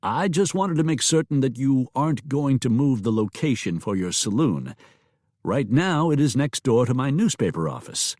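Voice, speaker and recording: A man's voice: mid-range voice, sing-song, normal speed, darkish tone, no room sound, clean studio sound, voice pushed up. A man voicing an earnest, fussy newspaper publisher in a Western audiobook.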